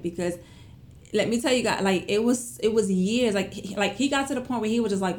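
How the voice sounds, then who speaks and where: A woman speaks straight to her viewers in a casual storytelling vlog. Her voice sits at a middle pitch. It rises and falls sharply as she relives the story, in loose, everyday phrasing. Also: a little fast. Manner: emotional, animated retelling with big pitch swings; conversational, colloquial phrasing. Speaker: small business owner.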